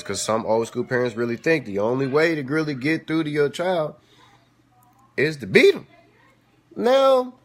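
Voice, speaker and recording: A man at home hosting a casual live-stream chat, telling stories in an animated way and talking back to his viewers. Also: mid-range voice.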